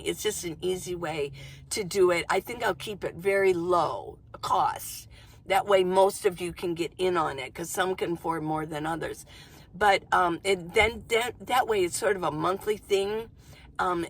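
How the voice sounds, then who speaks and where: A woman vlogger talking casually to camera from inside her van, chatty and goofy, rambling fast and laughing often. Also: lowish voice, creaky, slight background noise. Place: inside a minivan.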